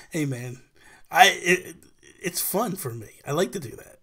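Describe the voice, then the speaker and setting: Animated man telling stories between laughs. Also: a little high, slow, slightly rough. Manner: animated storytelling, laughing often. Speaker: podcast co-host. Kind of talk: casual chat.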